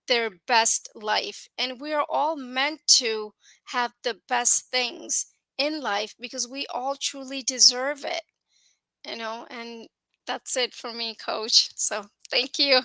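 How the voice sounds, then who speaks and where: A woman speaks earnestly about her achievements, leaning on filler phrases as she goes. Her voice is bright and sits a little high, and the recording is dry and close. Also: dry recording, poor audio. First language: grew up in the US with an Indian-accented English. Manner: earnest, many fillers like "you know". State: tearful at times. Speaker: guest sharing business success. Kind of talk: emotional personal testimonial.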